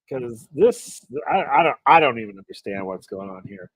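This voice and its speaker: A man's voice: medium pitch, lively intonation, normal speed, slightly rough, dry recording, rough recording. A man co-hosting a live podcast, giving laid-back, exasperated commentary on wrestling over a remote call mic. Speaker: podcast co-host. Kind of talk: casual wrestling recap chat. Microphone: remote live-stream call mic.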